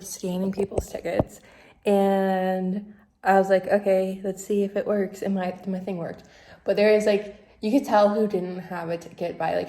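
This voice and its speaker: A woman's voice: mid-range voice, creaky, mellow. Chatty young woman vlogging. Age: 20s. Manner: chatty, rambling, lots of "like". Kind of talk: casual vlog chat.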